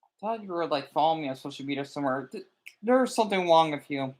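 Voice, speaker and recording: Lively, high-voiced man live streaming. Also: fast talker. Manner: rambling, animated, scolds trolls bluntly. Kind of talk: casual live-stream chat, answering chat.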